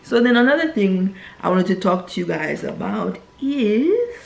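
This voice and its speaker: This woman's voice swings widely in pitch, with vocal fry and a slightly mellow quality, at a measured pace. As a vlogger, she rambles casually at her audience and keeps adding "right?" to her lines. Quoted characters get a higher acted voice.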